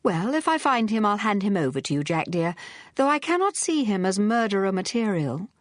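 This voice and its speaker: A woman voicing a brisk, witty young society woman detective with a crisp, commanding manner in an audiobook. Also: mid-range voice, sing-song, no room sound, studio quality, voice pushed up, close to an everyday voice.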